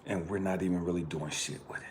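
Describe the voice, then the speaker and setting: A man's voice: sits low, steady tone, fast talker, a little hiss or hum. Blunt, impassioned man from California. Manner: blunt, profane and impassioned, swinging from quiet to loud. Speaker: channel host. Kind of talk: personal monologue.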